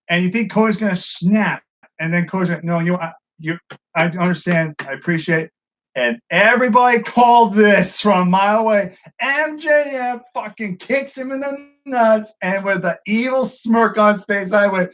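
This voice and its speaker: A man co-hosting a wrestling review show in casual, profane commentary, excitable and acting out what the wrestlers said. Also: high voice, moderate pace. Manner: excitable, swears a lot, acts out quotes. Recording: dull lo-fi sound.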